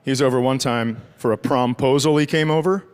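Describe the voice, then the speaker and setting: A man's voice: mid-range voice, fairly quick, clear, resonant tone. A middle-aged man doing a stand-up comedy set, telling sarcastic stories about his family and acting them out. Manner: sarcastic storytelling, acts out family members. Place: theater stage. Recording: live venue with loud audience laughter.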